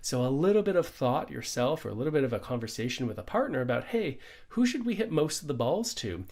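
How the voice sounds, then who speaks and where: A man's voice: medium pitch, big pitch swings, fast, darkish tone. A middle-aged man, a pickleball coach, giving an upbeat conversational lesson full of rhetorical questions. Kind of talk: instructional explainer.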